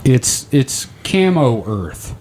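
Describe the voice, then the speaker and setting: Man with a lively, incredulous voice. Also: medium pitch, drawn-out words, a little hiss or hum. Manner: incredulous, keeps blurting "what". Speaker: podcast co-host. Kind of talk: casual chat.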